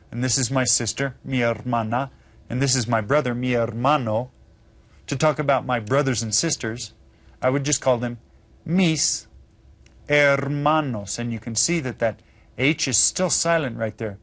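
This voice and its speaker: A man teaching a children's Spanish lesson, upbeat and coaxing, repeating each word slowly and asking pupils to say it back. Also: mid-range voice. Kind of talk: scripted children's language lesson.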